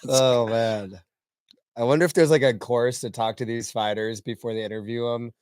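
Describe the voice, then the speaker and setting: A man co-hosting a casual podcast, joking and reacting excitedly to fight moves. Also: mid-range voice, moderate pace, clear, resonant tone, no echo, studio quality. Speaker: podcast co-host. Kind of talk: casual chat watching fights.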